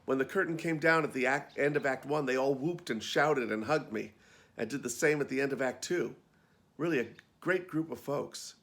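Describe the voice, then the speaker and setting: A man's voice: mid-range voice, normal speed, a bit bright. A man reading his own backstage memoir aloud in a wry, conversational storytelling manner. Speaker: actor and storyteller.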